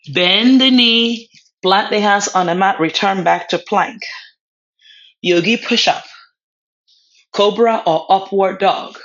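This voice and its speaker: Slow, calm woman guiding yoga. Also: on the low side. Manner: short calm instructional cues, encouraging. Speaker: yoga instructor. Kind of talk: guided yoga class cues. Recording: slightly dull lo-fi sound.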